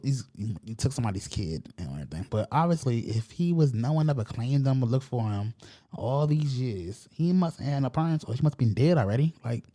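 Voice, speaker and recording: Rambling slangy man with a mellow voice. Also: medium pitch. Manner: rambling, loose slangy storytelling with animated quoted voices. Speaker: podcast host. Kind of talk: casual podcast chat, retelling a movie plot.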